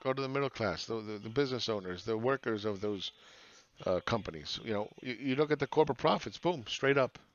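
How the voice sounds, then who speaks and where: A man's voice: mid-range voice, expressive, fairly quick, highs cut off. Blunt, profane man musing on markets. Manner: blunt, profane, rhetorical questions. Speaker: market analyst host. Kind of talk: casual monologue.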